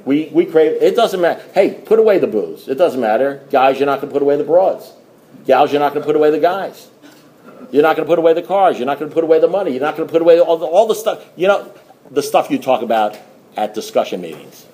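A man's voice: a little high, animated, quick pace, warm tone, roomy sound. A middle-aged man speaking to a recovery meeting, telling a story in a rambling way with restarts and wry asides. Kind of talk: storytelling talk to a group.

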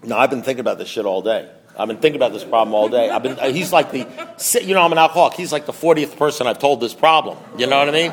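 At a support meeting, a middle-aged man tells a self-mocking story, rambling, restarting, and making asides to the audience. His voice sits on the high side, a bit bright, and he talks fast.

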